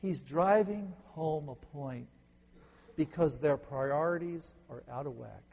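A man preaching a sermon as a pastor, swinging from emphatic peaks down to quiet low phrases. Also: slow pace, gravelly. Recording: long reverb in a large hall.

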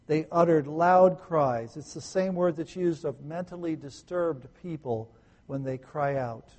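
A male pastor preaching a sermon, asking his listeners questions and swinging from loud emphasis to hushed, soft tones. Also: mid-range voice, husky. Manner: asks the listeners rhetorical questions.

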